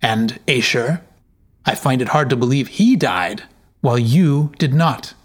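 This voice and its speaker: A man's voice: mid-range voice, unhurried, natural voice. A man reading as a suspicious proud chieftain. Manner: accusing, commanding. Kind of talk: storybook reading.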